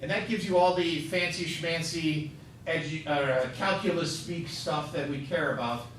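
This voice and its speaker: A man's voice: a little high, unhurried, a bit bright, slight background noise. A male math teacher lecturing a class, quizzing students with upbeat joking asides. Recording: echoey classroom, mic far off.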